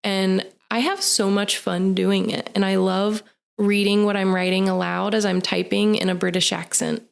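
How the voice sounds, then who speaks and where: A woman co-hosting a podcast in relaxed, earnest casual chat. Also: mid-range voice, normal speed, vocal fry. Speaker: podcast co-host.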